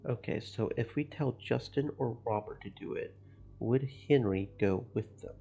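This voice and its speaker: A man streaming a game, reading its narration and chatting about it in an even, gravelly voice. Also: medium pitch, normal speed. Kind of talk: narrating a visual novel with commentary. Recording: muffled lo-fi stream audio.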